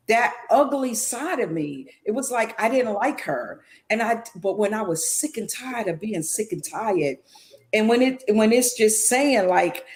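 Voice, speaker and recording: A woman's voice: mid-range voice, animated, measured pace, darkish tone. A middle-aged woman co-hosting a podcast, sharing an emotional personal story in an earnest, confessional way. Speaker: co-host.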